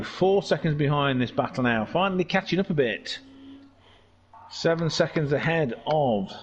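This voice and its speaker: A man giving casual, jokey commentary on an online car race, chatty and excitable. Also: fairly high pitch, a little hiss or hum. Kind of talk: casual sim racing commentary.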